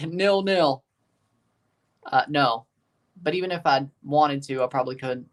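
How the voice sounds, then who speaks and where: A man's voice: medium pitch, moderate pace. Brief: male streamer, mid-range voice, loose rambling reaction chat. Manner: chatty, rambling, answers chat, laughs at himself. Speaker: streamer hosting a match watchalong. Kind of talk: casual live reaction commentary.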